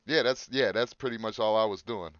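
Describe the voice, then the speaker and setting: A man's voice: fairly low pitch, a little fast, a bit bright, lo-fi sound, slight background noise. A man with a Chicago accent trading crude, profane jokes as a podcast co-host. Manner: crude, joking, profane banter. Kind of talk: casual chat.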